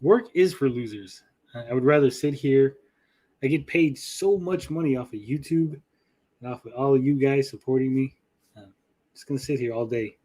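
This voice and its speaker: A man hosting a podcast in casual chat, swearing freely and talking with pauses. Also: mid-range voice. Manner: chatty, swears often, lively swings in loudness; speaks with pauses. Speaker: podcast host and YouTuber.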